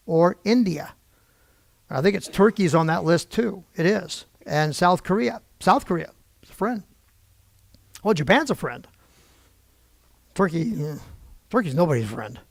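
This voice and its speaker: Man, middle-aged, Bible prophecy teacher, gravelly, dry sound, animated, digressive. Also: high voice, a little slow, long pauses, no echo. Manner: animated, digressive, exclaims often. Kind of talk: informal Bible lesson.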